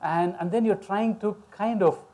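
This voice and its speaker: A man's voice: sits high, moderate pace, darkish tone. A middle-aged man from Chennai moderating a conference panel, joking about himself and often restarting his sentences. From South India (Chennai). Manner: humorous, self-deprecating, many restarts. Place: conference hall.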